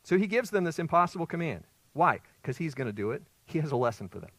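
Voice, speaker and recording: A man's voice: a little high, sing-song, quick pace, a bit bright, no room sound. A male pastor preaching an expository sermon, emphatic and putting rhetorical questions to his congregation.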